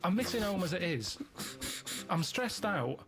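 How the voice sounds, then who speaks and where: Deadpan rambling Englishman. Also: sits high, measured pace. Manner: deadpan, plodding, rambling anecdotes. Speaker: co-host. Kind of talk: casual comic chat.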